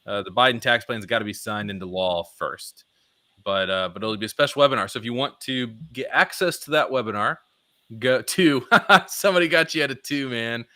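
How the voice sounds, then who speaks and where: A man's voice: medium pitch, a little fast, bright, forceful tone, no room sound, clean studio sound. A man hosting a casual livestream, rambling loosely and laughing often. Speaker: host.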